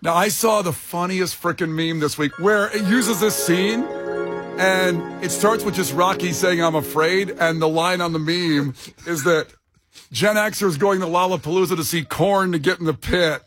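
A middle-aged man hosting a radio show, bantering in an animated way and quick to riff. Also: high-pitched, music in the background.

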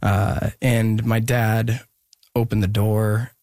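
A young man telling a personal story in an interview, halting and earnest with many pauses and restarts. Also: fairly low pitch, little pitch movement, a little mellow, no echo, clean studio sound. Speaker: guest musician.

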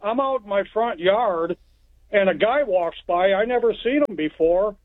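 A man's voice: sits high, animated, moderate pace, dry recording. Texas guy calling in, rambles his story, dry tinny phone sound. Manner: plainspoken, rambling narration with restarts. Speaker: caller.

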